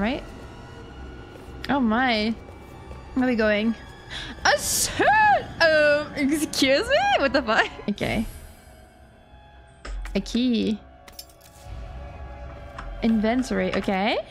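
A woman streamer commenting on a horror game, excitable, giggling and shrieking when scared, with game sounds behind. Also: high voice. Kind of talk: live gaming commentary. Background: game music and sounds.

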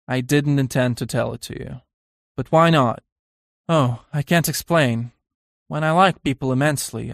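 A man's voice: medium pitch, gravelly, dry recording, studio quality. A man reading an earnest, uneasy young painter.

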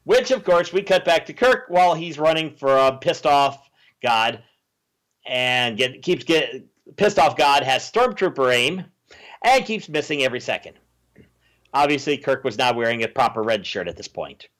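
A man's voice: mid-range voice, expressive, moderate pace, fairly bright tone. A man hosting a casual movie review chat, sarcastic, mocking characters with exaggerated voices. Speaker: podcast host.

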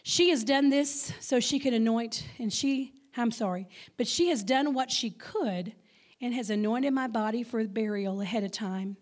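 A middle-aged woman with a Texan accent preaches as a guest speaker, her voice sitting a little high. She talks to the congregation in a lively, conversational way and drops into hushed whispers for effect. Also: moderate pace. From Texas. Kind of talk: sermon.

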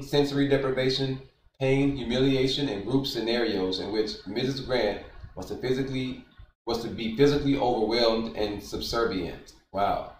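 A man streaming, reading texts aloud and commenting in an emphatic, animated way, often repeating his points. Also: medium pitch, distant mic. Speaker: streamer reacting to news. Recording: roomy, away from the mic.

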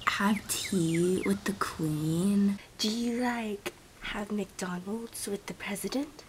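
A young woman voicing a teasing non-American girlfriend who mocks Americans in half-whispered questions, over loud background noise. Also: mid-range voice, slow, natural voice. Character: mocking non-American girl friend.

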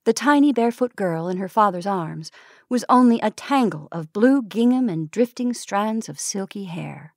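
A woman from the San Francisco Bay Area reading vintage short stories aloud in a measured storytelling manner, lightly voicing the dialogue. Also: medium pitch, expressive, no room sound, clean studio sound. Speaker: narrator.

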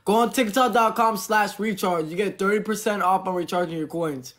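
A young man hosting a casual livestream, thanking viewers and urging them to send gifts. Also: sits high. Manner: fast promotional shout-outs to viewers.

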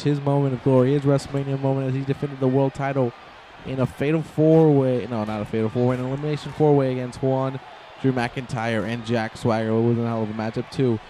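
A man giving excitable, rambling play-by-play commentary over a wrestling video game, shouting on the big moves. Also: mid-range voice, a little hiss or hum.

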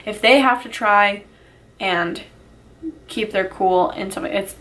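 A woman's voice: medium pitch, a bit bright. A woman talking to her small channel in an emotional vlog, upset and swearing, rambling with sighs and restarts. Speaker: YouTuber.

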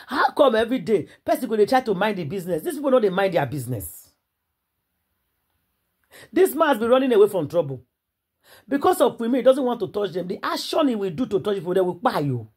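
Lively husky Nigerian woman gossiping. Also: mid-range voice, fast talker. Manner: acts out quoted people, repeats words for emphasis. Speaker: celebrity gossip vlogger. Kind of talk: animated gossip storytelling in pidgin.

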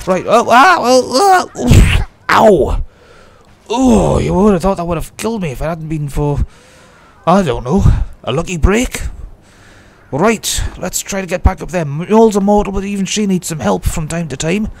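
A man's voice: high voice, lively intonation, moderate pace, creaky, darkish tone. A man giving chatty, jokey commentary as he plays a game and talks to himself. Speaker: let's play host. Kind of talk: casual gameplay commentary.

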